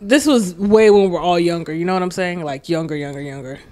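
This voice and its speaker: A young woman, the oldest sister, chats casually while jet-lagged, swearing freely and using slang as she tells family stories in a laid-back way. She talks fast in a lowish, mellow voice.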